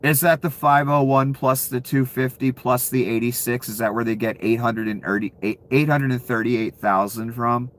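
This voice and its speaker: A man's voice: mid-range voice, fairly even intonation, normal speed, few pauses. A man giving ranting commentary, profane and incredulous, laughing between outbursts. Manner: profane, incredulous, calls the listener "son".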